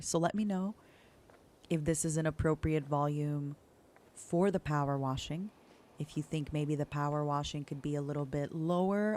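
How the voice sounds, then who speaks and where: A young woman streaming, chatting gently and slowly in a soft, cozy way. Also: sits low. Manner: gentle, talks slowly and softly.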